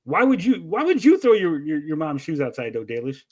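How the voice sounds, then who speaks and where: A man's voice: fairly high pitch, sing-song, brisk, darkish tone. A man co-hosting a casual podcast chat, telling stories animatedly and swearing freely. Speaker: podcast co-host.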